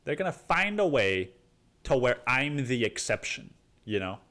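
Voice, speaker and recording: A young man hosting his own podcast, rambling and swearing casually, saying "dude" constantly and jumping into mock voices. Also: a little slow. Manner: animated, jumps into high mock voices. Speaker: podcast host. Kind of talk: casual solo podcast monologue.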